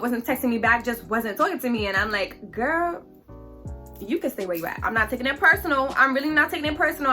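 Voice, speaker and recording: A young woman telling a story on her vlog in a chatty, animated, slangy way. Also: on the high side.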